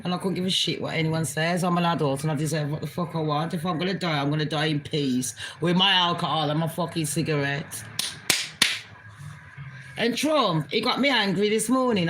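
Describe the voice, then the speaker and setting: A woman with a British Jamaican accent rants into her vlog camera, swearing in nearly every line. Her voice is bright and cutting, and heat builds through her delivery. A faint hum of background noise sits under the talk. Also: on the low side, rough recording. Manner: profane, heated, swearing constantly. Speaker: vlogger. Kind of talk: angry political rant vlog.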